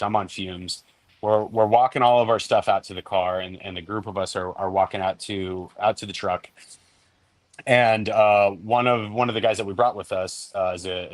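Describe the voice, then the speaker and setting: A man's voice: low voice, a bit bright, no room sound. A man, a podcast guest, telling a self-deprecating story with many restarts. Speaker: podcast guest, cigar brand co-owner. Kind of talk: casual storytelling.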